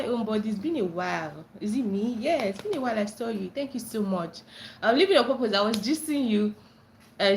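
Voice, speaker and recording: A young Nigerian woman hosting a casual livestream, reading chat comments aloud and breaking into excited squeals when friends join. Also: slight background noise. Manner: bubbly, bursts into high squeals greeting friends.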